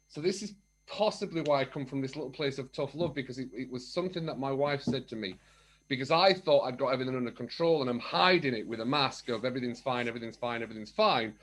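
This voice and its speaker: Candid animated man telling his story. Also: mid-range voice, fast. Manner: candid and animated, acts out remembered dialogue. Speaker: podcast guest, coach. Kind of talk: casual chat.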